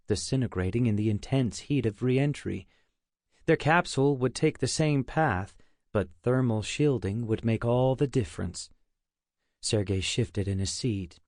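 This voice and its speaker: A man narrating a science fiction audiobook in a steady, measured storytelling manner, recorded on a close studio mic. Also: mid-range voice, dry recording.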